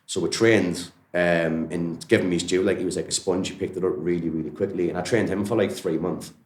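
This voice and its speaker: A man's voice: low-pitched, steady tone, brisk, reverberant. A Geordie man from Newcastle, a martial arts coach, telling stories in a rambling, friendly way, full of "you know" and "like". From Newcastle, England. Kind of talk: casual storytelling interview.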